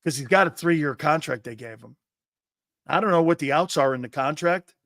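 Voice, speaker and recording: Brash profane sports talk host, dry sound. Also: male voice, on the high side, normal speed, a bit bright, no echo. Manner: brash, profane, acts out quoted conversations. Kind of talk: sports radio monologue.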